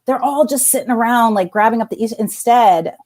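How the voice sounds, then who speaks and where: This guest, a woman in her forties and onetime executive, recounts something personal in an animated, chatty style full of fillers and false starts. Her voice is a little high and her speed normal.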